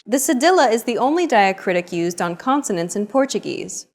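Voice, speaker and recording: A woman narrating a scripted language lesson in a clear, explanatory way. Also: on the high side, big pitch swings, fairly quick. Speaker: language teacher.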